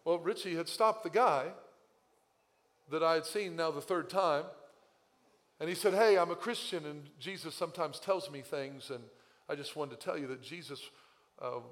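A man preaching a sermon as pastor, telling a story with animated asides, his voice a little strained after losing it. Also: fairly high pitch, normal speed. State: recovering voice, slightly strained. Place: church sanctuary. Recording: long church hall reverb.

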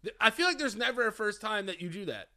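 Man, high voice, lively swings, crude laughing podcast banter. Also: fast talker. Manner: animated, crude, laughs often. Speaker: podcast co-host. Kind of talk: casual comedic chat.

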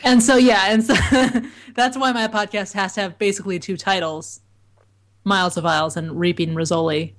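A woman's voice: mid-range voice, steady tone, moderate pace. A woman calling in as a podcast guest, chatting casually with dry, self-mocking humor. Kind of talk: casual comedic chat. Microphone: remote call-in.

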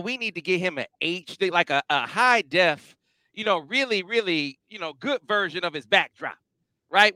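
A high-pitched male host talks in an energetic, emphatic, playful way. His voice is bright and crisp, recorded dry and close with no room sound. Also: dry recording. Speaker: podcast host. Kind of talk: casual sports show chat.

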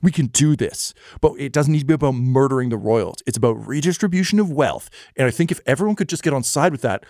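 A man's voice: mid-range voice, expressive, quick pace, hardly any pauses, darkish tone, dry recording, clean studio sound, pitched above the performer's own voice, close to an everyday voice. A man voicing an unhinged, idealistic young noble revolutionary who preaches earnestly and stumbles when things get awkward. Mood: earnest preaching.

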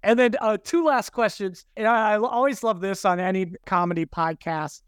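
A man hosting a comedy podcast, asking questions in a relaxed way and laughing along with his guest. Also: high voice, normal speed, clean tone, no room sound, studio quality. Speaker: podcast host. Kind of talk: casual interview.

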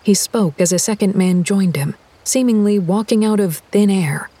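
A woman reading a horror audiobook in a measured, deliberate storytelling voice. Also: medium pitch, warm tone, husky. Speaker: narrator. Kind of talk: scripted horror audiobook narration.

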